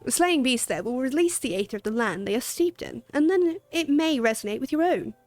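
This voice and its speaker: A girl reading out a snooty game scholar, all lofty and bossy about research, kinda high voice, faint music behind. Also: lively intonation, a little fast, a little mellow, no room sound. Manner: reading game quest dialogue aloud, lofty and condescending. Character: haughty scholar obsessed with aether research.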